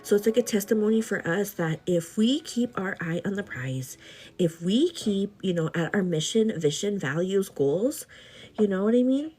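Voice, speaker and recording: She's a beauty and lifestyle vlogger with a warm, mid-range voice, chatting with viewers during a live get-ready show. Laughter comes often, "like" pops up constantly, and she calls the viewer "girl," though she turns earnest when talking about faith and gratitude.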